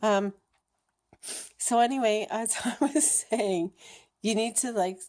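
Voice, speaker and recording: A middle-aged woman chatting casually to camera in her vlog, frank and animated, laughing often and swearing now and then. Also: a little high. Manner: animated, laughing, mimics racing thoughts with fast chatter. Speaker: vlogger sharing her cancer journey.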